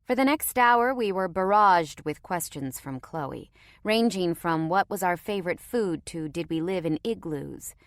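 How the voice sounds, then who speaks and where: A woman's voice: on the low side, expressive, unhurried, no room sound. A woman narrating a story in the first person with a wry, conversational tone, recorded close to the microphone.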